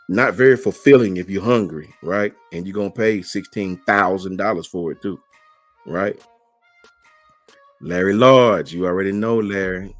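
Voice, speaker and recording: A man's voice: low-pitched, normal speed, no room sound, soft background music. Laid-back man hosting a live stream. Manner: laid-back, slangy, reads out and answers chat messages. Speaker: host. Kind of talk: casual live-stream chat.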